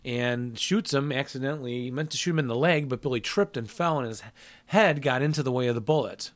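A middle-aged man co-hosting a casual film chat, chatty and quick to laugh, acting out movie lines as he recaps. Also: medium pitch. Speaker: podcast co-host.

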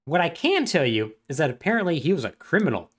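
A husky-voiced man with a fairly high pitch talks fast and very animatedly while co-hosting a podcast. In a casual, sarcastic and wry way he recaps a video game plot, acting out the characters' dialogue as he goes.

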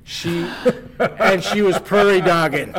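Rowdy storyteller man, a touch high. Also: takes it slowly. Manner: animated, swearing, acts out voices of others in his story. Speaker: podcast guest. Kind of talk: casual storytelling.

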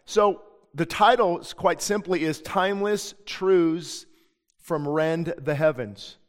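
A man preaches from the pulpit in an earnest, emphatic way, his voice sitting a little high. He often stumbles and restarts his sentences mid-thought. The sound carries a long reverb from the church hall. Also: takes it slowly. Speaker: pastor. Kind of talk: sermon. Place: church sanctuary.

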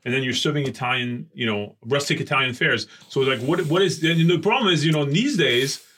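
A man with a French accent, a chef guest in casual chat, talking in a rambling, halting way. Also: mid-range voice, fairly bright tone. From France.

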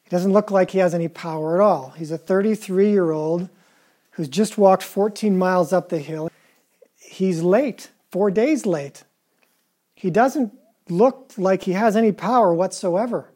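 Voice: medium pitch, a little slow, a little mellow. A preacher giving a conversational sermon, asking the listeners questions and retelling scripture in casual, everyday words.

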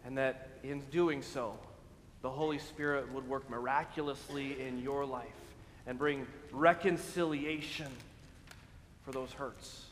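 High-voiced preaching man in a reverberant hall. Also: fairly bright tone. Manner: emphatic preaching with slow stressed phrases and frequent "right?". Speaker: pastor. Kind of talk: sermon.

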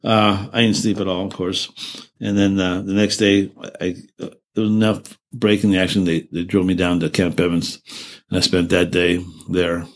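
An older veteran with a low, deep voice tells his war stories for an oral history, meandering and swearing freely. His delivery is flat and moderately paced; he abandons sentences to start over and laughs at the darkest moments.

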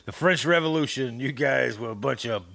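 A man co-hosting a comedy podcast, brash and boastful, with a gravelly voice and loud laughs. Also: medium pitch, normal speed, a crowd in the background. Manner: brash, boastful tough-guy patter with frequent laughs. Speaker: podcast co-host. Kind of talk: improvised comedy banter.

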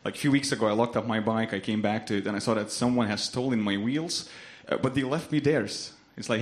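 A young man from Lithuania with a Lithuanian accent performing a stand-up comedy set on a club stage, deadpan and laughing at his own punchlines. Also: medium pitch, fairly quick.

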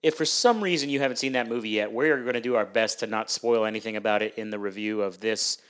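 A man's voice: fairly low pitch, fast talker, a bit bright, clear, resonant tone. A man hosting a casual podcast, upbeat and loose, laughing often as he leads the chat. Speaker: podcast host.

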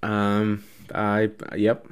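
A man's voice: on the low side, monotone, drawn-out words, smooth. A man hosting a podcast in casual chat, rambling, tripping over his words and laughing often. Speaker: podcast host.

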